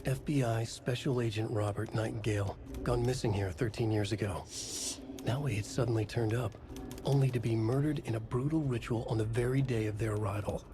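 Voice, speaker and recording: An actor narrating a dark mystery game as a brooding male writer, in a dramatic, literary voice. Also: mid-range voice, fairly quick, music in the background, close to an everyday voice.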